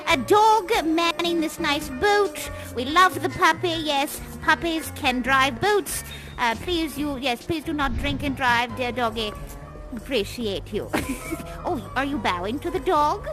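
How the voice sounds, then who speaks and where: A woman's voice: sits high, animated, a little slow, over music, poor audio. A woman acting a fussy, theatrical female party hostess who leads a tour with chatty, gushing exclamations over a headset microphone. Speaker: live actor guiding a tour in a virtual reality theater show. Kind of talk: improvised live role-play.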